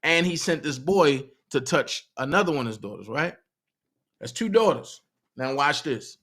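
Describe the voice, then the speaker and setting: Fired-up guy with aave ranting on his stream, pitch a bit high, keeps hitting the chat with questions. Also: animated, normal speed, fairly bright tone, husky. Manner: indignant, asks the chat pointed questions. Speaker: livestream host. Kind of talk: heated livestream commentary.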